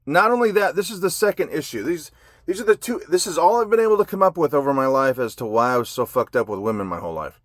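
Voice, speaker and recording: A man's voice: a little high, very animated, quick pace, a bit bright, no echo, studio quality. A man telling his life story in a raw, blunt monologue, swearing constantly. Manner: heavy profanity, blunt and agitated.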